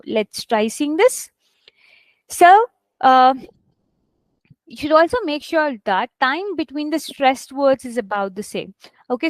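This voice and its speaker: High-voiced woman teaching in a dry close sound. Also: dry recording. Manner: explains with examples, often checks with "right?"; stresses words heavily to demonstrate. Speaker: English test instructor. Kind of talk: live online class.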